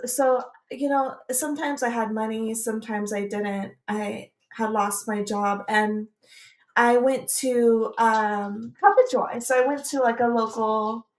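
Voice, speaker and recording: A woman's voice: on the high side, roomy sound. A woman vlogger telling a personal story in a casual, meandering way, hesitating and restarting often.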